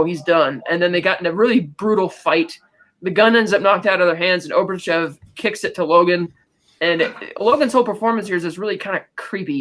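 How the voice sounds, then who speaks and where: Fast-talking podcast host recapping a film. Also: medium pitch, fairly bright tone. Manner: rapid, rambling retelling with quick acted-out quotes and fillers. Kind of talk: casual movie recap.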